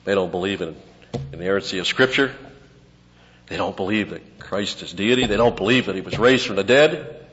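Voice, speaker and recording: Low-voiced man preaching in a reverberant hall. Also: brisk, dull audio. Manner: conversational teaching, drops to quiet asides. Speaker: pastor. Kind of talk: expository sermon.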